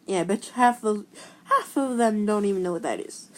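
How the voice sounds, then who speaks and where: In a slightly quick, mid-range voice full of expression, a woman who makes meme reaction videos reads memes aloud in a casual commentary. She giggles, keeps things playful, and drops into silly voices along the way.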